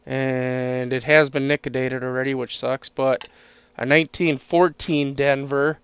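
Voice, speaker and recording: A man's voice: mid-range voice, flat delivery, a little slow, a bit bright, clean tone, dry recording. A man chatting casually while sorting through coins, easygoing and chatty, chuckling between remarks. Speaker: coin collector streaming a penny hunt.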